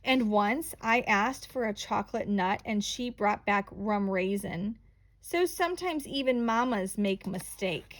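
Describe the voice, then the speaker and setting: A woman reading a children's picture book aloud in a slow, expressive, playful storytelling manner. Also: medium pitch.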